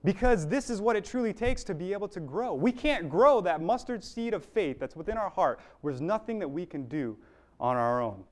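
A man's voice: sits high, lively intonation, a little fast, a little mellow. A man preaching a sermon in an earnest, building way, with fillers and restarts along the way.

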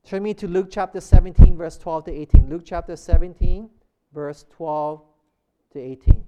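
A man's voice: on the high side, moderate pace, dark tone, clean tone. A man preaching a sermon as a pastor, emphatic and asking the congregation rhetorical questions.

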